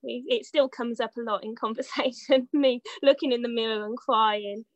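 A woman's voice: on the high side, steady tone, normal speed, no room sound. A woman, telling stories in a casual interview as a guest, with many fillers and frequent laughter. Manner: chatty storyteller with fillers, laughs often. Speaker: guest, horse rider. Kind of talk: casual anecdotal chat.

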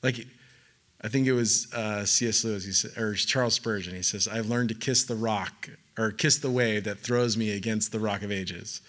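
A man's voice: fairly low pitch, fairly even intonation, normal speed, fairly bright tone. A man preaching a sermon in a casual, conversational way, with joking asides and acted-out quoted voices. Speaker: pastor.

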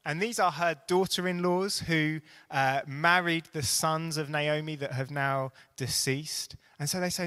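A man preaching a sermon, retelling a story earnestly and building to animated emphasis. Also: on the high side, measured pace, hardly any pauses, clear, resonant tone.

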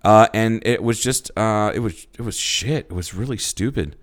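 Brief: male podcast co-host in his thirties, low-pitched, a rambling storyteller who curses freely. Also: moderate pace. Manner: loose storytelling, swears freely, acts out quotes. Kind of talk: casual chat.

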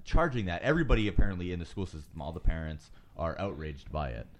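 A man's voice: low voice, very animated, fast. A man hosting an internet radio show, chatting casually and laughing often. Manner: laughs often, reads news items loosely. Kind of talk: casual comedic radio banter.

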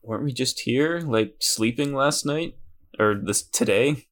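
A man's voice: medium pitch, a little slow. A man playing in a casual tabletop game, full of questions and laughter, often stumbling over his words. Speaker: player.

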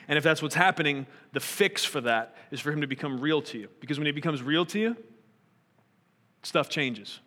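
A man's voice: fairly high pitch, animated, normal speed, bright, forceful tone, long reverb tail. A man preaching a sermon, earnest and probing, asking his listeners pointed rhetorical questions.

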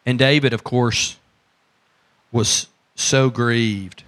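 A man's voice: mid-range voice, slow, a bit bright. A man, a pastor preaching in church, telling stories in a folksy way and asking his congregation questions. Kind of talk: sermon.

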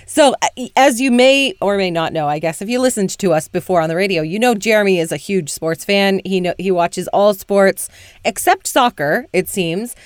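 A woman, chatting as a podcast co-host and telling lively stories with frequent laughter. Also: medium pitch, moderate pace, no echo, clean studio sound. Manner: animated storyteller, laughs often. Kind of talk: casual chat.

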